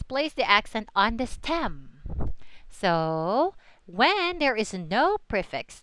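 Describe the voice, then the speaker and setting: Slow, animated woman teaching pronunciation. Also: medium pitch, clear, resonant tone, dry recording, rough recording. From Philippines. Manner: spells out letters, repeats example words slowly. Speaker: student presenter. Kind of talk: recorded English pronunciation lesson.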